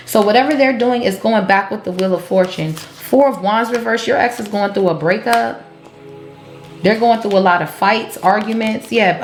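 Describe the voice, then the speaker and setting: A woman giving a collective tarot reading, blunt and profane, laughing often as she calls out the cards. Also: on the high side. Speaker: tarot reader. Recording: roomy echo with faint music.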